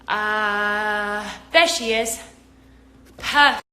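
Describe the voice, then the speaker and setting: A woman's voice: mid-range voice, extremely slow, bright, forceful tone, echoey room, rough recording. An English woman hosting a casual livestream chat, bubbly and giggly, peppering her talk with "like" and "literally". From England. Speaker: host.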